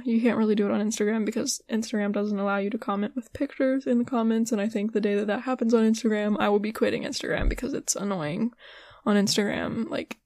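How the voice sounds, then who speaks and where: A young woman hosting a podcast rambles in a casual, giggly solo chat, sounding hyper and swearing casually. Her voice is a little high and a little mellow with vocal fry, recorded on a home desk mic in a small room at home with no room sound.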